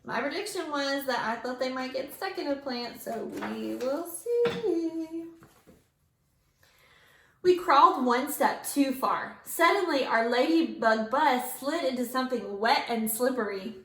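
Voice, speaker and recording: A woman teacher reading a picture book aloud to her class, with lively character voices. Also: high voice, unhurried, a little hiss or hum. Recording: echoey room.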